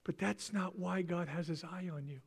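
An older man preaching a sermon dramatically, acting out voices and dropping into soft, near-whispered lines. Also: high voice, moderate pace, vocal fry, breathy edge. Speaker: pastor. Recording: long reverb in a large hall.

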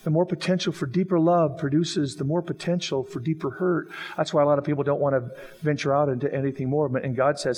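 A man's voice: on the high side, fast talker, slightly rough. A man preaching a sermon, telling jokey stories and acting out the quoted lines. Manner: animated, jokey storytelling with acted-out quotes. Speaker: pastor. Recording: long reverb of a hall.

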